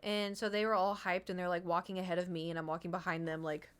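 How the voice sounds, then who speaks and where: Here the same kind of rambling story comes fast, in a fairly low, clear, resonant woman's voice. A young streamer chats casually with her audience, voicing her friends' words with animation and frequently starting over.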